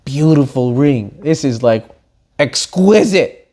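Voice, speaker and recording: A man voicing a calm male jeweler appraising a ring. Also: mid-range voice, takes it slowly, pitched below the performer's own voice. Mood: admiring.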